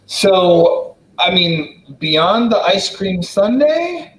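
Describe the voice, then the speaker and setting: American man, casual unscripted answers, slightly raised pitch, roomy echo. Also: drawn-out words. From Wisconsin, United States. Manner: relaxed, hesitant, many fillers and restarts. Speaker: guest diplomat answering questions. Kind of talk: casual spoken Q&A.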